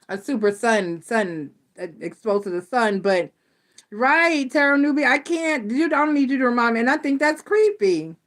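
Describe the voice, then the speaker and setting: A middle-aged woman hosting a live tarot stream, chatting casually and telling stories in a blunt, animated way. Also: mid-range voice. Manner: animated storytelling, blunt and laughing. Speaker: tarot reader host.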